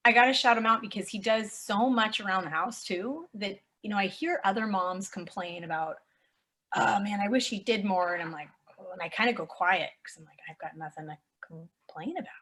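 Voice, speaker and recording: A woman in her thirties speaks as an interview guest, a teacher who is passionate and easily moved. She talks casually and with animation, in a middle-pitched voice. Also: normal speed. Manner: passionate, emotional, animated, says "dude".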